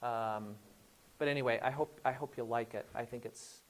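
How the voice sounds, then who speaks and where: A man speaking as a guest lecturer to a class, casual and halting with restarts. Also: medium pitch, fairly even intonation. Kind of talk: classroom talk.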